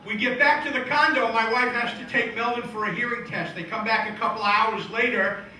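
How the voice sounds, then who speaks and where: A middle-aged man doing a stand-up comedy and magic routine with deadpan joke delivery, acting out the voices of old relatives. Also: very high-pitched, a little fast. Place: live show venue. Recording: echoey room from a distant mic, faint noise.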